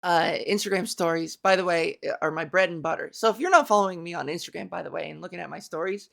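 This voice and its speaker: Animated woman podcaster telling stories. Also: on the low side, fast talker, gravelly. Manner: animated, self-mocking, acts out quotes with exaggerated voices. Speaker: podcast host. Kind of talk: casual solo storytelling.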